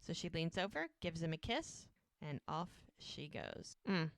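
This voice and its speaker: A woman co-hosting a podcast, casually recapping a TV episode and acting out the characters' lines in quick voices. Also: low voice, fairly bright tone, clean tone, dry recording. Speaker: podcast co-host.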